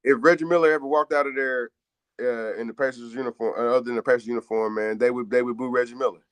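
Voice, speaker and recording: A man's voice: mid-range voice, steady tone, fast, clear, resonant tone, no room sound. Laid-back slangy man. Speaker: sports radio co-host. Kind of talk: casual sports chat.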